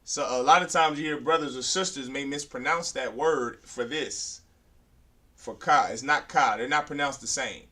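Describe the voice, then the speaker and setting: A man's voice: mid-range voice, normal speed, few pauses, bright, forceful tone. Man teaching letters from far off the mic. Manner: drills letters aloud, stresses sounds, then lectures firmly. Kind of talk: beginner language class.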